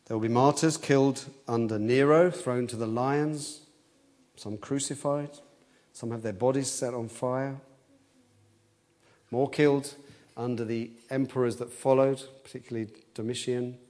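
This preacher's voice is darkish and steady, and he takes his time through an expository sermon. He speaks earnestly, often repeating words as he thinks aloud, and on quoted cries his voice rises in pitch and force.

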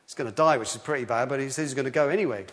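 A man's voice: medium pitch, racing. Man preaching in a reverberant hall. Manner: lively, conversational preaching with frequent restarts. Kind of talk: sermon.

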